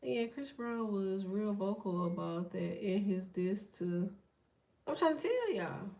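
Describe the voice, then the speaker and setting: A woman hosting a tarot channel, talking in a blunt, profane, fast casual rant. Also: mid-range voice, expressive, dark tone, far from the mic. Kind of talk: casual ranting monologue.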